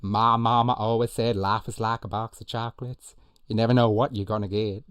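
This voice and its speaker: A man's voice: fairly low pitch, level tone, brisk, a bit bright, clean tone, no room sound, clean studio sound, close to an everyday voice. A man doing an earnest, simple-hearted drawl. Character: earnest, simple-hearted grown man quoting his mother.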